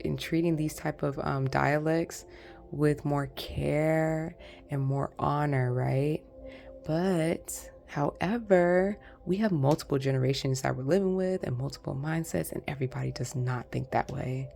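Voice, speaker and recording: A woman reads tarot cards for her viewers in a loose, rambling, chatty way. Her voice sits low and has a gravelly fry to it. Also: mellow. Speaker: tarot reader. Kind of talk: casual pick-a-card tarot reading.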